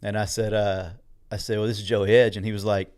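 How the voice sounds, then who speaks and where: A man's voice: lowish voice, little pitch movement, brisk, a little mellow, clear, resonant tone. A middle-aged man, rambling through a story and quoting others as he co-hosts a casual chat show. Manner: rambling, quotes others in dialogue. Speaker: co-host.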